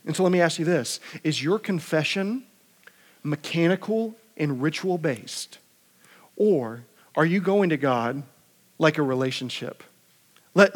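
Conversational man preaching a sermon. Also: fairly high pitch. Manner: conversational, asks rhetorical questions, repeats words. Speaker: pastor.

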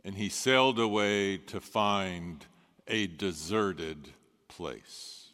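A man delivers a sermon at an unhurried, deliberate pace, letting pauses hang between phrases. His voice is bright and forceful, and it rings out with a long reverb in a large sanctuary. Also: deep voice. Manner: measured storytelling with dramatic pauses. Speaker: pastor.

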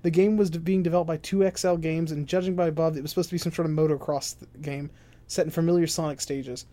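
A man's voice: a little high, quick pace. A young man hosting a casual podcast, joking around and reading out news items. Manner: joking, excitable, reads news items aloud. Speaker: podcast host.

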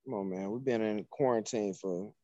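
A man's voice: on the low side, normal speed, dark tone, no room sound, highs cut off. A man co-hosting a casual podcast chat, joking and teasing the others. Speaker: podcast co-host.

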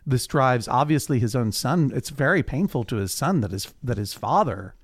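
A man's voice: mid-range voice, normal speed, breathy edge, no room sound, studio quality. A man co-hosting a podcast, recapping a TV series in casual chat and acting out the characters' lines. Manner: animated, acts out characters in quoted voices. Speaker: podcast co-host.

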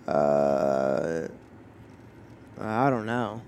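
A man's voice: extremely low pitch, expressive, extremely slow, darkish tone, a little hiss or hum. A young man co-hosting a casual couple's podcast. He jokes about himself and defends himself playfully. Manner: joking, self-deprecating, playfully defensive. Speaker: podcast co-host.

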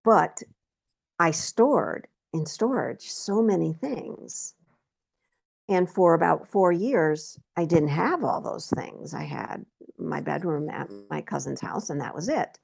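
A woman talking candidly in a casual conversation, telling stories about her life and getting animated when she acts out her own reactions. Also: deep voice, slow, creaky, husky. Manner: candid storytelling, animated when quoting herself. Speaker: guest.

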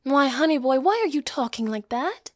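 A woman's voice: high voice, animated, moderate pace, no echo, clean studio sound. A woman voicing a tender young woman who cares for a small boy, emotional and at times whispering, in an audio play reading.

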